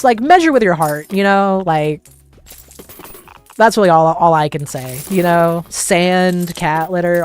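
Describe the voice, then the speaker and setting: A young woman hosts a livestream, telling casual stories in a lowish voice. She rambles, leans heavily on fillers and laughs often. Her delivery is loose and chatty. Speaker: livestream host. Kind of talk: casual storytelling.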